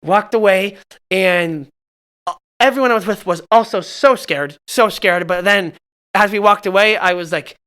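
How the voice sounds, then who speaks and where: A young man from Southern California with a bright, tense edge to his voice, chatting casually on a podcast. He stumbles through constant restarts and pokes fun at himself as he tells his stories. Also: high voice, clean tone. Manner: halting, full of restarts, self-mocking. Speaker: podcast storyteller.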